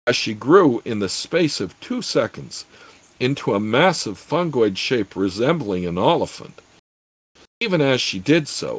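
A man's voice: medium pitch, husky, dry recording, poor audio. A man narrating a fantasy audiobook expressively, with occasional self-corrections.

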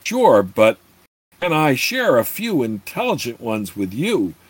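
A man reading aloud and voicing a brash, joking young male barbarian who talks in a sarcastic, blunt way, with a husky voice. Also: mid-range voice, sing-song, slow pace, no echo, heavily acted. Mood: mocking.

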